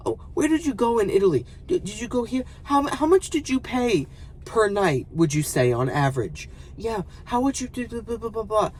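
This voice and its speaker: A man mimicking a shrill, pushy survey woman. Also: big pitch swings, normal speed, a little mellow, slight background noise. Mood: prying. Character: pushy, oblivious female airport survey-taker.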